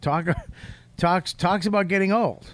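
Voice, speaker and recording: A man's voice: high-pitched, measured pace. A man hosting a comedy podcast, giving blunt, profane, teasing feedback in casual chat. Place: podcast studio.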